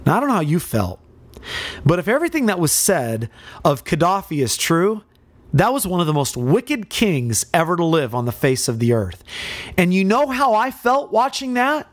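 A man delivers a sermon with dramatic emphasis, firing off rhetorical questions. His pitch leaps and falls with great animation. The sound is dry and close, with no room around it. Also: sing-song, normal speed, dry recording. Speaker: preacher.

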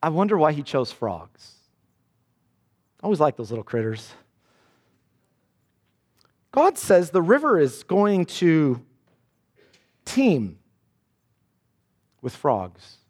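Male pastor, lively high-pitched sermon delivery, dramatic scripture reading. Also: takes it slowly, pauses often. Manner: animated preaching, voicing scripture dramatically.

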